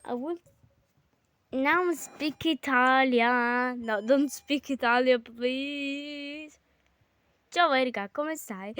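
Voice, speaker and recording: High, slow-talking excited girl gaming. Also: clear, resonant tone, dry recording. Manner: excitable, bickering, quick exclamations. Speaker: gamer. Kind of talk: casual gaming chat with a sibling.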